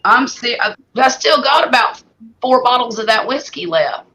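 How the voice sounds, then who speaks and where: A woman's voice: a little high, expressive, normal speed, sharp tone, slight background noise, poor audio. A woman from Mississippi with a twangy Southern accent, chatting casually and laughing easily. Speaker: host. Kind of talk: casual group chat.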